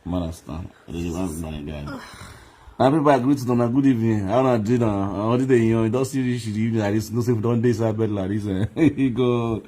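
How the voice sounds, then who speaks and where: A man's voice: on the low side, brisk, dark tone. A man with a Nigerian accent in playful, laughing casual banter, mixing Pidgin and Yoruba. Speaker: social media personality.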